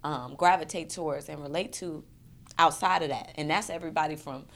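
In a candid interview, a poet and performance artist in her thirties speaks earnestly and emotionally, often repeating words while she hunts for them. Her voice is deep, fairly quick, and fairly bright in tone.

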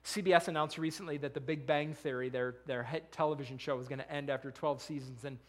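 A man's voice: a little high, steady tone, fast. A middle-aged man, a pastor, preaching a sermon, earnestly reading scripture and asking the congregation rhetorical questions.

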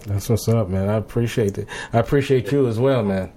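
Halting, friendly show host. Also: male voice, on the low side, dark tone, slight background noise. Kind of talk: casual chat.

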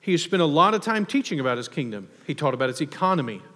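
A man preaching a sermon in a church, conversational and animated, acting out the characters he quotes. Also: a little high, very fast. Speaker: pastor. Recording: long hall reverb.

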